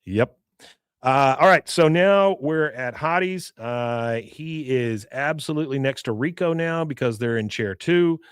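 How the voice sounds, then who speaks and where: A man's voice: medium pitch, lively intonation, unhurried, clean tone, no echo, clean studio sound. A man hosting a podcast, casually retelling a cartoon episode scene by scene, acting out quotes and chuckling often. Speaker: podcast host.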